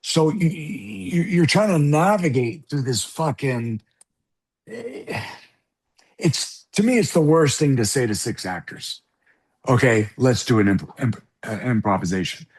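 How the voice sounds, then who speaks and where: A middle-aged man from the South Bronx, guesting on an interview, tells a story with swearing and acted-out voices. His voice is husky, and his pitch sits in the middle. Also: unhurried. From South Bronx, New York. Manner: animated, profane, acts out voices in anecdotes. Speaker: guest actor.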